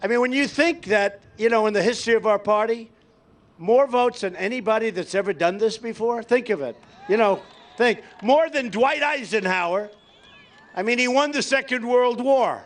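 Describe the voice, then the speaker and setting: An older man holds forth at a campaign rally, his voice pitched very high for a man. He brags, rambles and circles back to the same points. Now and then he shouts out to the crowd. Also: moderate pace. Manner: boastful, rambling and repetitive, sometimes shouting to the crowd. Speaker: political candidate at a campaign rally. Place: large rally venue before a cheering crowd.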